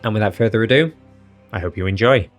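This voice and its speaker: A man's voice: on the low side, fast talker, faint music behind. A man who runs tabletop games, casually explaining a project to viewers in a chatty way that breaks into laughter at silly results. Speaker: dungeon master and video host.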